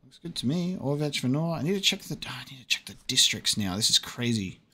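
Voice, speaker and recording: A man's voice: medium pitch, animated, a little fast, bright, forceful tone, husky. A young man giving casual let's-play commentary, muttering to himself as he checks details and swearing now and then. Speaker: gaming video creator.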